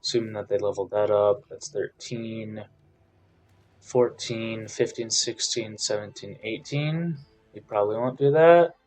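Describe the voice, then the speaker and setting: Frustrated, a man casually commentates on a card game match, lurching from loud complaints to quiet, muttered counting. His voice is on the low side, his pace measured, with soft music playing in the background.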